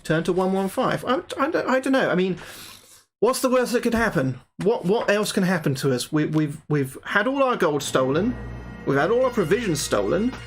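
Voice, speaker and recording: A man's voice: high-pitched, slightly rough. A man reading a fantasy gamebook aloud on a livestream, breaking off for casual, swear-filled chat with his viewers. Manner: chatty, swears freely, talks to his viewers. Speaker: livestreamer playing a solo gamebook.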